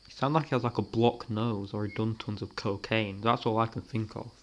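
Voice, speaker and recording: A man's voice: on the low side, steady tone, fairly quick, a little hiss or hum. A young man hosting a reaction video, talking casually and mockingly with lots of rambling fillers. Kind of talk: casual commentary over clips.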